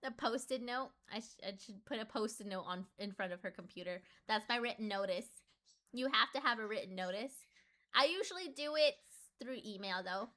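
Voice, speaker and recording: This young woman talks fairly quick in a casual chat with her stream. Lots of fillers come through, along with sudden upward pitch jumps when she's excited.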